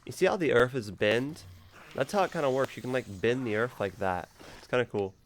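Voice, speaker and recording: A man's voice: mid-range voice, animated, brisk, slight background noise. A man giving casual, rambling gameplay commentary as a gaming YouTuber. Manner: rambling, loose, laughs easily.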